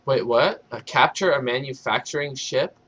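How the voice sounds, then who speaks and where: A man's voice: mid-range voice, moderate pace, fairly bright tone, slightly rough, rough recording. A man who streams games, chatting in a laid-back, drawling way and swearing casually. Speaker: game streamer. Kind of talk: casual gaming chat.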